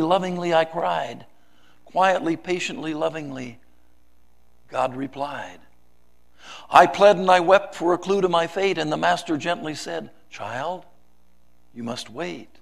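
A man with a gravelly edge to his slightly higher-than-usual voice delivers a measured, unhurried sermon that includes a recited poem. His delivery is dramatic, swelling into loud pleading before sinking to hushed softness.

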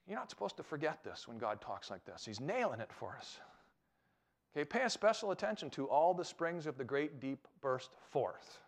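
A man giving an emphatic, animated talk to a live audience as a Christian apologetics speaker, often asking them rhetorical questions. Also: on the high side, moderate pace, creaky.

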